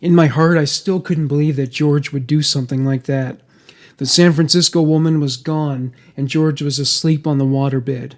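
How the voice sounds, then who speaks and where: Guy narrating a true crime tale, even scripted read, voice sits a bit high. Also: moderate pace.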